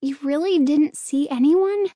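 A woman's voice: high voice, measured pace, dark tone, dry recording, studio quality, pitched above the performer's own voice. A woman voicing a frightened young girl who speaks breathlessly and tentatively. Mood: uncertain.

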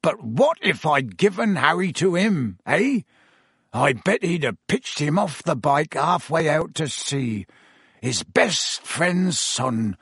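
A huge, gruff gamekeeper, as a male reader does him, rough and growling. His voice stays near the reader's own but swings a lot in pitch. It is dry and close. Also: big pitch swings, slow pace, a bit bright, dry recording, exaggerated voice.

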